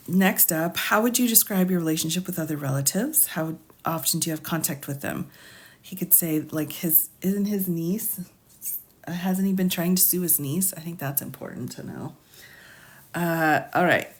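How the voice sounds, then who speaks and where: A woman attorney on a live stream who reads questions from a legal form aloud, then muses over them with frequent laughs and asides. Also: fairly low pitch. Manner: asides, musing and thinking out loud.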